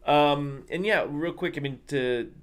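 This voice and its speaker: A man's voice: fairly high pitch, measured pace, clear, resonant tone. A man hosting a podcast, chatting casually and rambling about movies with lots of fillers and restarts. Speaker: podcast host.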